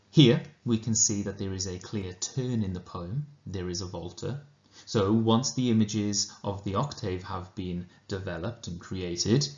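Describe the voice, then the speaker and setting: A man with a Welsh accent teaching a lesson, explaining slowly and carefully, then reading a poem aloud. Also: low-pitched. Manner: slow, measured explanation. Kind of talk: recorded lesson and poetry reading. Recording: roomy, dull lo-fi recording.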